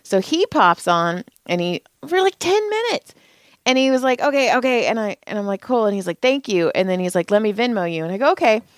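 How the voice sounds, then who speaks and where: A woman's voice: medium pitch, expressive, quick pace, few pauses, clear, resonant tone, dry recording. This woman tells stories with big swings in her voice, jumping from her own talk into everyone else's lines. She speaks casually, laughing and swearing as she goes, in a dry, close recording. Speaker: podcast co-host. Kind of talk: casual comedic storytelling.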